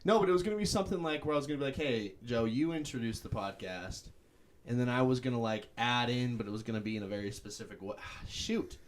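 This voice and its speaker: A young man co-hosting a podcast in casual chat, animated and often breaking into laughter. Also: medium pitch, fast. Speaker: podcast co-host.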